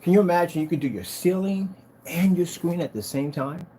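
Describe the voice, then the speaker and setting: A man showing off his business's screen paint in a casual vlog, talking in an excitable, rambling, hyped-up way. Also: high-pitched, a little fast, slight background noise. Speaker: screen paint business owner demonstrating products. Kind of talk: casual product demo vlog with storytelling.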